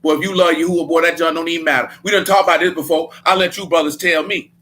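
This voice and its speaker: A man's voice: a little high, steady tone, quick pace, a bit bright, slight background noise. A man leading a Bible study in a casual preaching style, blunt and emphatic, with a lot of slang.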